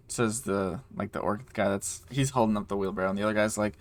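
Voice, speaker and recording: A man narrating as game master in a casual, laughing way, slipping into quick character voices. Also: lowish voice.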